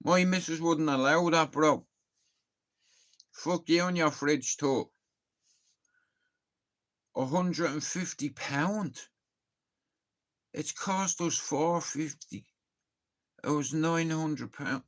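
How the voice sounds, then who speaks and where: Irish man, young, casual live-stream chat, slow unhurried delivery, fairly high voice, sweary and rambling. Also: fairly bright tone. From Ireland. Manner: sweary, rambling storytelling, laughs at own tales. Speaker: livestreamer.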